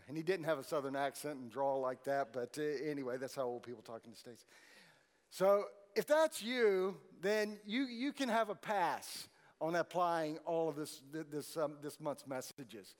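A pastor with a high voice preaches to his congregation in a relaxed, chatty way, dropping in jokes as he goes. His voice rings with the long reverb of a church hall. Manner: conversational, joking asides to the congregation. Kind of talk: sermon.

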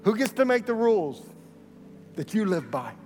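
A man preaching a sermon to a large congregation, lively and rallying, leading them in call and response. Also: high-pitched, normal speed, faint music behind. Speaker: pastor. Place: large church hall. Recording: echoey hall with long reverb.

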